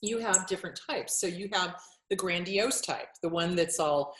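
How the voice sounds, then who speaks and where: A woman's voice: fairly low pitch, fairly quick, roomy sound. A woman therapist in casual interview talk, blunt and swearing freely, acting out quotes as she explains. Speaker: therapist and author.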